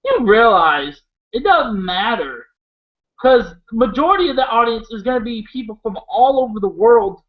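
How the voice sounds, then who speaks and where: On lo-fi audio, a wrestling show co-host from Iowa speaks in a very high voice. He rambles excitably and goes off topic during the casual wrestling chat, swearing freely.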